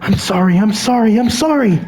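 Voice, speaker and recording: A man's voice: high-pitched, lively intonation, moderate pace, darkish tone, slight background noise, pitched above the performer's own voice, low-quality recording. A man voicing a cheerful, eager teenage girl from a game, speaking in a bubbly, pleading way. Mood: upset.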